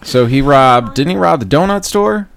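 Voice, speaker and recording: A man co-hosting a casual chat show, telling a profane story and loudly acting out what people said. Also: on the high side, moderate pace, creaky. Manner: profane, animated storyteller, loud acted-out quotes.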